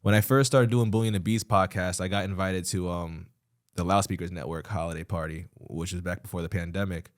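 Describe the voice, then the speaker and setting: A man, hosting a podcast in casual chat and telling stories in an animated, slangy way. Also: deep voice, a little fast. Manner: slangy, animated storytelling with profanity. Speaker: podcast host.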